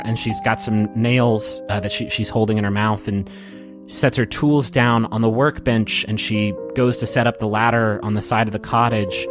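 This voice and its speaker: A man narrating as game master of a tabletop game, telling the scene gently and unhurried, over soft piano and guitar music. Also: fairly low pitch.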